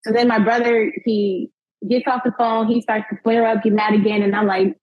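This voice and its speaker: A young woman guest telling a personal story in an interview, animated and acting out what people said, often breaking into laughter. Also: on the high side, normal speed. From United States. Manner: animated retelling, acting out quotes, frequent laughs and "like". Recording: dull lo-fi podcast sound.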